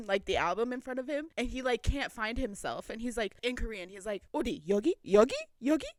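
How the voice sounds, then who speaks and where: A woman's voice: on the high side, fairly quick, no room sound, studio quality. A woman co-hosting a casual podcast, telling a story animatedly, acting out quotes and laughing often. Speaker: podcast co-host.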